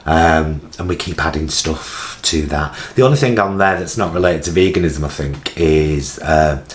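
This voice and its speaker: Deep-voiced British man in his forties. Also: moderate pace. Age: 40s. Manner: rambling, chatty, self-mocking. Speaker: vlogger. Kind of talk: casual chat to camera. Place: home kitchen. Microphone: vlogging camera.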